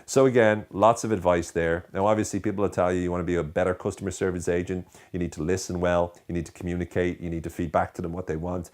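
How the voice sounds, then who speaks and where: An Irish man in his thirties delivers a sarcastic comedy monologue in a low, deep voice. He keeps a bored, deadpan drawl throughout, dry and unimpressed. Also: quick pace, hardly any pauses. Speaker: host.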